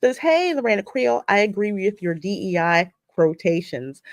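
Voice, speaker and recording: A woman's voice: mid-range voice, big pitch swings, normal speed, no room sound. A woman hosting a live podcast stream, greeting viewers by name in a chatty, effusive way. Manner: chatty, effusive, often laughing. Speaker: livestream podcast host.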